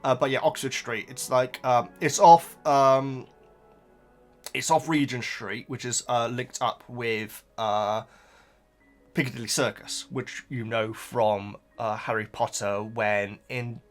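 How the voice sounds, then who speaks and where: A man's voice: mid-range voice, flat delivery, takes it slowly, faint music behind. A man hosting a book reaction video, chatting casually to viewers in a rambling way with frequent stammered repeats and asides.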